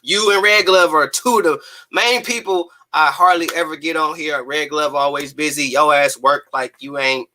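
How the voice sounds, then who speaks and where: A man hosting a casual boxing talk show, animated, slangy and emphatic. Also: a little high, moderate pace, slight background noise. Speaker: host.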